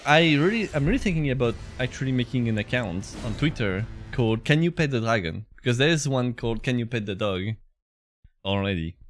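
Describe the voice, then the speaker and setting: A man streaming a video game, chatting casually with viewers, reading their comments and laughing often. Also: mid-range voice. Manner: chatty, laughs often, reads chat aloud.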